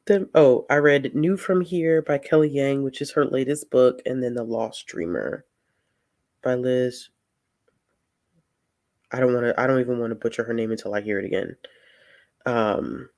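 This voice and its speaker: The book livestream host here speaks in a medium-pitched, darkish voice. He's worn out and yawning, meandering slowly through his talk, saying "y'all" often and welcoming people in the chat.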